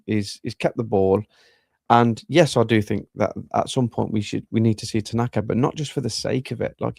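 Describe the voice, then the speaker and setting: Gravelly-voiced Yorkshire man chatting football. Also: on the low side, no room sound, clean studio sound. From England. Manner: animated, acts out players' voices. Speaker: podcast co-host. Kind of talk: casual football chat.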